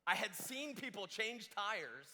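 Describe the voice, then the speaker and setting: Bright-voiced man preaching in an echoing hall. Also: high voice, a little slow. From Georgia, US. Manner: animated, many restarts and fillers. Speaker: youth camp speaker. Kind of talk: storytelling sermon. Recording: long hall reverb.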